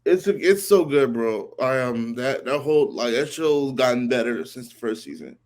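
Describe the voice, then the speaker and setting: A man chatting casually about TV and movies in a relaxed, slangy way, with hesitant fillers. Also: medium pitch, normal speed. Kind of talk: casual chat.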